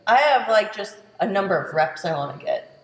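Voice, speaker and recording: Guest: woman with mid-range pitch, laid-back and brief, in a roomy hall with long reverb. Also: big pitch swings, a little fast. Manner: laid-back, short plain answers. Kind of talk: casual chat. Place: gym.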